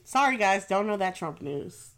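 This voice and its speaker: A woman's voice: mid-range voice, expressive, normal speed. A young woman co-hosting a casual chat show, laid-back and teasing. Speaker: podcast co-host.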